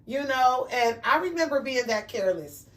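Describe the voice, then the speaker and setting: A woman in her fifties hosts a casual talk show conversation. She tells stories in an emphatic, motherly way, and her voice sits a little high. She is picked up from a slight distance. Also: expressive, moderate pace. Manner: warm motherly storytelling, emphatic.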